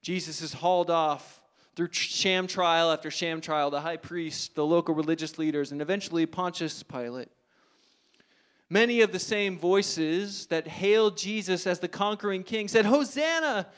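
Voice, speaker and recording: A male pastor preaching a sermon, telling the story dramatically, swinging from loud emphasis to hushed asides. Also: on the high side, normal speed.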